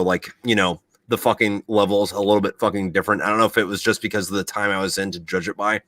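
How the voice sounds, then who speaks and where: A male podcast host and military veteran swaps war stories in casual chat, swearing freely. His voice sits fairly low but comes across bright and forceful. The sound is close and dry. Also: dry recording. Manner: profane, animated storytelling.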